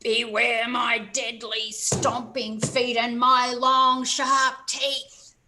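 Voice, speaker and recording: A woman's voice: fairly high pitch, level tone, drawn-out words, noisy background. A woman doing a boastful roaring Tyrannosaurus king. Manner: roaring, yelping when hurt. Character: big fierce boastful male dinosaur king.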